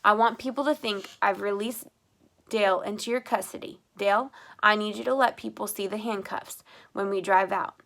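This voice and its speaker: A woman reading a calm, probing male sheriff. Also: medium pitch, moderate pace, creaky. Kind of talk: audiobook character reading.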